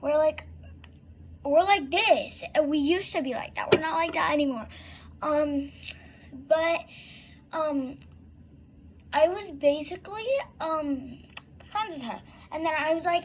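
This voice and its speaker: A woman's voice: very high voice, measured pace, fairly bright tone, a little hiss or hum. A young girl telling a long story in a casual vlog, rambling with many fillers and acting out what she and a friend said. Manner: rambling, many fillers and likes, acts out quoted dialogue.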